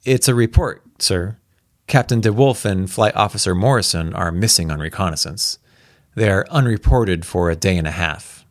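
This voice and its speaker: Nervous, timid young aide as a man voices him, gravelly and low. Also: moderate pace, dry recording, studio quality. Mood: hesitant. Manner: timid, hesitant.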